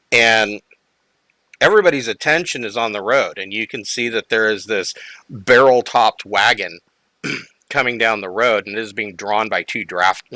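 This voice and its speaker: A man narrating a tabletop game as game master in a relaxed, halting way. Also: on the low side, no echo, rough recording. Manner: relaxed, halting, with fillers and chuckles.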